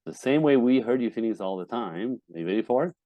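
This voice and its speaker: Quick and expressive, a man with a mid-range voice guests on a candid podcast as a relationship coach, talking bluntly, emphatically, and with plenty of swearing while voicing quoted partners. The recording is muffled, with no echo.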